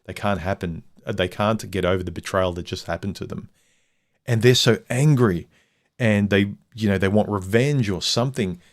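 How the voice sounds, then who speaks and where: A man's voice: fairly low pitch, normal speed. A man hosting a livestream, talking casually and bluntly in a rambling monologue. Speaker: livestream host.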